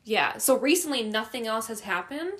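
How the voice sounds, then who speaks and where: A woman's voice: a little high, normal speed. Swearing young woman telling a ghost story. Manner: animated, swears constantly, laughs often. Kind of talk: casual chat.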